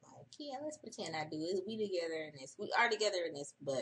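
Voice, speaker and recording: A woman's voice: fairly low pitch, big pitch swings, quick pace, a bit bright. A woman hosting a casual early-morning livestream, profane and chatty, reading an article aloud and breaking off for her own asides. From United States. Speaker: livestream host.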